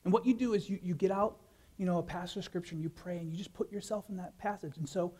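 A man pastor preaching a sermon, animated, with many rhetorical questions and repeated words. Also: high-pitched, fast talker.

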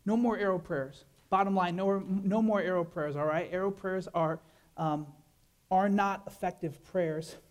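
A man pastor preaching a sermon, animated, with many rhetorical questions and repeated words. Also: sits high, measured pace.

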